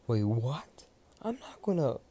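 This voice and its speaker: A man's voice: lowish voice, fairly quick, warm tone, lightly acted. A man voicing a meek, eager young male hero who stammers and pleads in a fan story. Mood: flustered.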